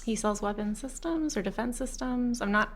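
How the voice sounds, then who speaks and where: A woman's voice: on the high side, moderate pace. A woman from Alabama as a podcast guest, talking in a dry, wry, self-deprecating way. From Huntsville, Alabama, USA. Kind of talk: casual interview chat.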